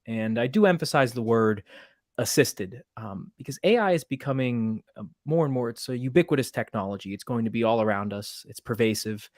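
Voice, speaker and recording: Man, teacher presenter, explanatory, mid pitch, dry close sound. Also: no room sound. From Maryland, USA. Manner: explanatory, steady, occasional fillers. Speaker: middle school teacher and presenter. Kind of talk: webinar product demo.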